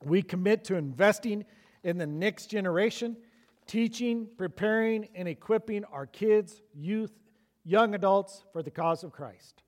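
A man's voice: high voice, unhurried. Emphatic man preaching a sermon. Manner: emphatic preaching, repeats key lines for stress. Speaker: pastor.

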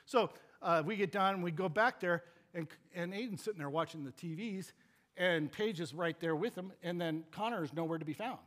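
A man preaching a sermon, telling a family story in an animated, joking, rambling way before turning to scripture. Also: high voice, normal speed. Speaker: pastor.

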